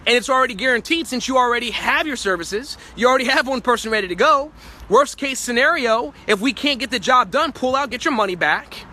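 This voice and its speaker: A man giving a motivational sales-training talk, emphatic and forceful, sometimes acting out his clients' voices. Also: very high-pitched, expressive, a little fast.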